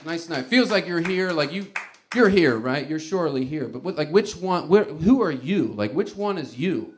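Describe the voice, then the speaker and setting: A man's voice: fairly high pitch, lively intonation, normal speed. A man doing a stand-up comedy set in a rambling, conversational way, often laughing at his own bits. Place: comedy club stage before a live audience.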